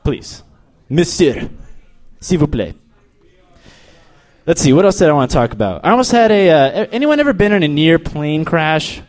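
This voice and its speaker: A young man from Texas doing a crude, deadpan stand-up set, then chatting casually about himself. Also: a little high, fast talker, hardly any pauses. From El Paso, Texas. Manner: deadpan, crude, stumbling restarts. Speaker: stand-up comedian.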